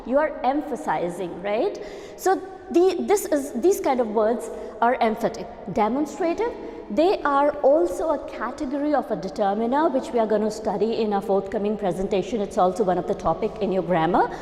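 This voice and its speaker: A woman's voice: fairly high pitch, animated, normal speed, warm tone. Indian woman lecturing in an echoey hall. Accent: Indian English. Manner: explanatory, repeats key terms, asks "okay?". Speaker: English lecturer. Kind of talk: grammar lecture.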